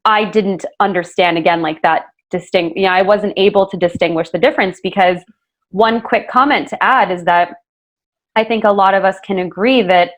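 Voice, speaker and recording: A woman's voice: mid-range voice, moderate pace. Earnest woman podcast host. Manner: earnest, full of fillers and self-corrections. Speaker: podcast host interviewing a guest. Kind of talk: casual conversational interview.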